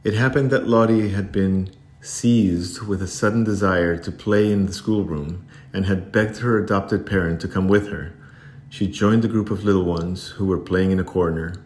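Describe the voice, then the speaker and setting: A man reading a classic storybook aloud in an even, unhurried narrating manner. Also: sits low. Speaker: audiobook narrator.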